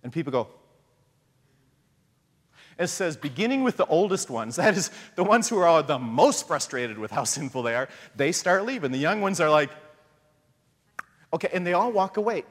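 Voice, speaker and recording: A man preaches in a relaxed, conversational style and often slips into quick acted voices. His voice sits a little high and swings widely in pitch, with a husky edge. A long reverb trails behind his words. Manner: conversational, animated, acts out voices of God and Jesus. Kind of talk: sermon.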